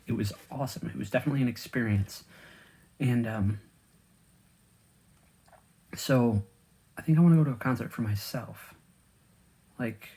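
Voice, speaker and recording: A man's voice: lowish voice, a little mellow, breathy edge. A man vlogging casually while he eats, rambling with lots of fillers and talking with food in his mouth. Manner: rambling, with many fillers and restarts. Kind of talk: casual chat while eating.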